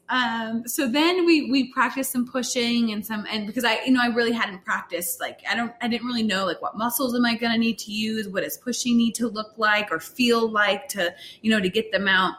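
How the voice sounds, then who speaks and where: Chatty young woman telling a story in an echoey room. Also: on the high side. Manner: chatty, candid, with frequent fillers and animated retellings. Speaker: vlogger sharing a birth story. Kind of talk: casual personal storytelling. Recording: roomy echo.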